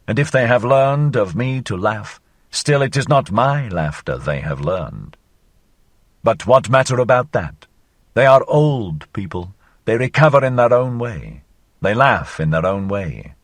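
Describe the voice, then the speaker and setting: Theatrical male audiobook reader, dry sound. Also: no echo. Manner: theatrical, sweeping changes of pitch and loudness. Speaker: audiobook narrator. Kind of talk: reading a philosophical novel aloud.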